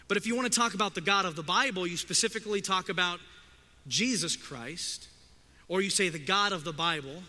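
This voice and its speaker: Male preacher, expressive and emphatic, higher voice, ringing hall sound. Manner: expressive preaching, rising loud for emphasis, voicing the characters he quotes. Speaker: pastor. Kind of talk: sermon. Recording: long hall reverb.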